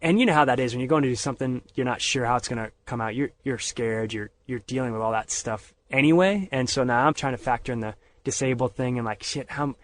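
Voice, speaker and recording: Man, podcast guest, animated storyteller, casual, laughs often. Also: medium pitch, quick pace, few pauses. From Pennsylvania.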